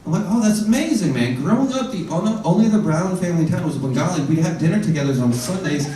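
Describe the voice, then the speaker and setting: Animated young man doing stand-up. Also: fairly high pitch, fast, recorded from a distance, slight background noise. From United States. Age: young adult. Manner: animated, acts out both sides of dialogues. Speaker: stand-up comedian. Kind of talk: stand-up comedy set. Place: live comedy stage in a venue. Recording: roomy live venue, heard from afar, faint crowd.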